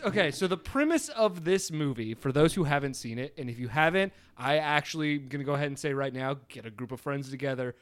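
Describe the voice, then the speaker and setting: A man's voice: on the high side, brisk, few pauses. A man co-hosting a casual movie podcast, steering the talk and laughing often. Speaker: podcast co-host.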